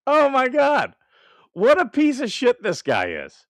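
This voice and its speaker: A man's voice: very high-pitched, wildly swooping pitch, measured pace, dry recording, studio quality. A man hosting a live stream, ranting and laughing as he comments, with many restarts. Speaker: livestream host.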